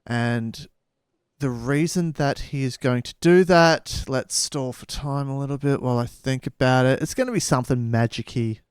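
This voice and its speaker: Smooth-voiced man cracking dry jokes. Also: medium pitch, moderate pace, dry recording. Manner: joking, improvising, dry quips. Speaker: podcast co-host. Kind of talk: casual chat.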